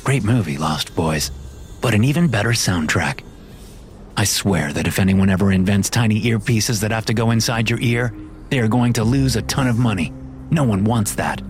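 Deep-voiced man reading horror. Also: moderate pace. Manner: wry, deadpan first-person delivery. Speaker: narrator. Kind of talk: first-person horror story reading. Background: music.

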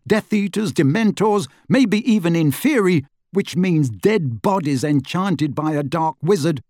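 A man's voice: a little high, a little mellow, dry recording, studio quality, pitched above the performer's own voice, natural voice. A man voicing an earnest, urgent teenage boy wizard. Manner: urgent, insistent.

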